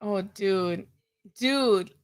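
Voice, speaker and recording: A woman's voice: medium pitch, drawn-out words, background noise. A woman with a Chicano English accent hosting a boxing live stream in casual chat, laughing often and saying "dude" a lot.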